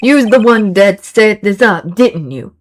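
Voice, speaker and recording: A woman's voice: medium pitch, animated, a little hiss or hum, close to an everyday voice. A woman reading a brash male thug from a courtroom game with a put-on Brooklyn accent. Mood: gruff. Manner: brash, bullying, fast. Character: gruff loud male thug with fake Brooklyn twang.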